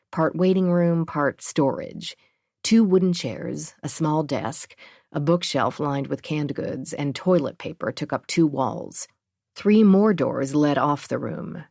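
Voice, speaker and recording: A woman narrating a thriller audiobook in a steady, even reading. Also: low voice, vocal fry, dry recording, studio quality.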